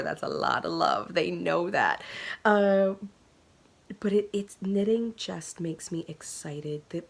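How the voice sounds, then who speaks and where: A woman hosting a knitting podcast, talking casually to the camera with earnest warmth, many ums and soft laughs, and growing emotional. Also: fairly low pitch.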